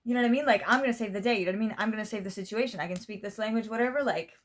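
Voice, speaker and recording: A woman's voice: mid-range voice, racing. A young adult woman from Spain, a native Spanish speaker who speaks English with an American-style pronunciation. She talks candidly and ramblingly to the camera, repeating "you know what I mean" and swearing freely. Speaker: vlogger. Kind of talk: casual talk to camera.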